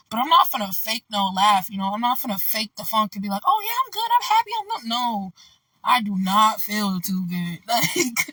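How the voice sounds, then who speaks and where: A woman with a bright, fairly high voice tells a storytime vlog in a loose, rambling and candid way, leaning on "like" and "you know". She sits a little off the mic in a dry-sounding space. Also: no echo, far from the mic, low-quality recording. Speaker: vlogger.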